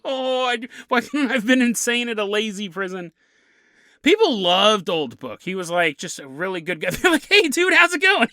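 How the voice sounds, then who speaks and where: Man host telling a story, lively pitch, bright tone, dry close sound, laughs a lot, does the characters' lines. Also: no room sound. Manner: animated, laughs often, acts out characters' lines. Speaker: podcast host. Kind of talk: casual comedic storytelling.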